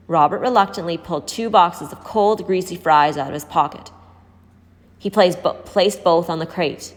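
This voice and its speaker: A woman teacher reading a novel aloud to a class, expressive and changing her voice for each character. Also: fairly low pitch, moderate pace. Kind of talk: read-aloud storytelling. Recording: echoey hall with long reverb.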